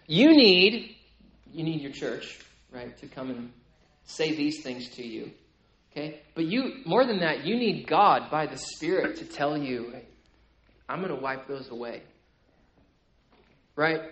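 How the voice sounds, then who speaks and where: Pastor preaching, loud swells and hushed asides. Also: male voice, big pitch swings, a little slow, lo-fi sound. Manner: conversational preaching, frequent "right?" asides; swings from loud emphatic passages to quiet, low asides. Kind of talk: sermon.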